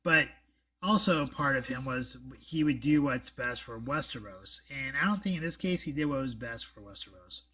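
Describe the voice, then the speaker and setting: A man's voice: mid-range voice, lively intonation, normal speed, breathy edge, distant mic, dull audio. A man co-hosting a casual podcast chat, rambling with lots of fillers and blunt jokes. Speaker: podcast co-host.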